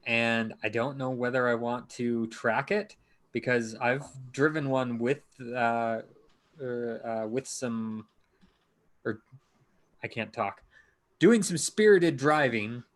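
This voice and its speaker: A man's voice: mid-range voice, slow pace. A man co-hosting a car podcast in casual chat, rambling and stumbling over his words. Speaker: podcast co-host.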